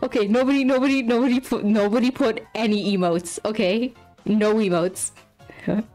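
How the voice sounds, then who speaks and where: This young woman talks to her chat while drawing on a live stream, using a fairly high, steady and darkish voice at a fairly quick pace. She comes across as flustered and apologetic, with frequent laughs and exclamations, over soft background music.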